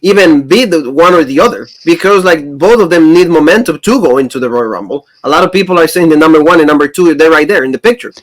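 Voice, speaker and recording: A man's voice: on the high side, expressive, quick pace, few pauses, rough recording. A man co-hosting a review show, chatting loosely with many "like" fillers. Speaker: co-host of a wrestling review show. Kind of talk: casual chat.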